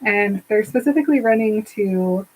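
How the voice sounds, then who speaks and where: Woman, husky, casual podcast co-host, recapping a chapter, quoting characters. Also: mid-range voice, moderate pace, low-quality recording. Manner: retells scenes with quoted character voices, laughing often. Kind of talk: casual book recap chat.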